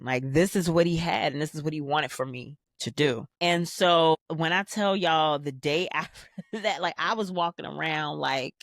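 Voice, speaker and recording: A woman's voice: low-pitched, fairly bright tone, dry recording, clean studio sound. A woman hosting a solo podcast, casually telling a personal story in a candid, storytelling way with frequent restarts. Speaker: podcast host.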